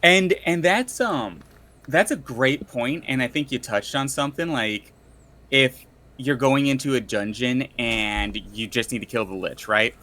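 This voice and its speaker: A man's voice: medium pitch, measured pace, sharp tone. A man co-hosting a casual tabletop gaming podcast, speaking as a game master in an enthusiastic, rambling way.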